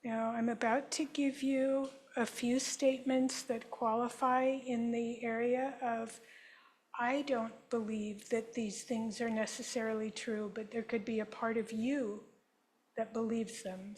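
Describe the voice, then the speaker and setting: Woman, conference presenter, guided group exercise, slow unhurried pace, fairly high voice. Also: little pitch movement, darkish tone, rough recording. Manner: slow, measured lead-in phrases for the audience to repeat. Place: conference session room.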